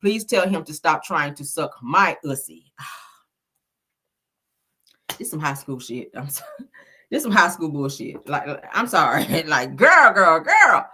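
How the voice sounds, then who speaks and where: A woman's voice: low-pitched, lively intonation, takes it slowly, long pauses, sharp tone, breathy edge. A woman giving casual, blunt celebrity gossip commentary, sassy and profane, laughing often.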